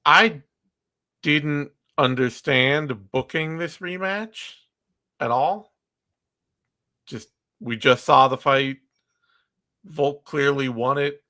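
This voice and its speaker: A man's voice: on the high side, slow, long pauses, pushed and bright. A man hosting a fight podcast, chatting casually and joking with his co-host, opinionated and loose with fillers.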